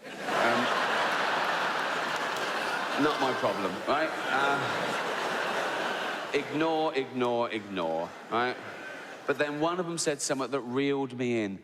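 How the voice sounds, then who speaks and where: A man's voice: mid-range voice, unhurried, long pauses, a crowd in the background, background noise. Man doing stand-up in a hall. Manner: animated storytelling, mimics others' voices. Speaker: stand-up comedian. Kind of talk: stand-up routine. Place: large venue with audience. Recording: echoey live hall with audience.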